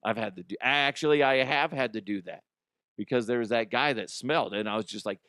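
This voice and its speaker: A middle-aged man from Colorado, US, hosts a comedic news show in a studio, delivering casual commentary full of rambling, frequent laughter and crude jokes. His medium-pitched voice is brisk and fairly bright, and the recording is dry, with clean studio sound.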